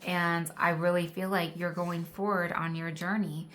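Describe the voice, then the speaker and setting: A woman's voice: on the low side, level tone, a little slow, fairly bright tone, a little hiss or hum. A woman giving a casual tarot reading, chatty and encouraging, filling her talk with "like", recorded on a phone indoors. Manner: chatty and encouraging, many "like" fillers. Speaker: tarot card reader. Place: indoor room with a candle. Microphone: phone camera.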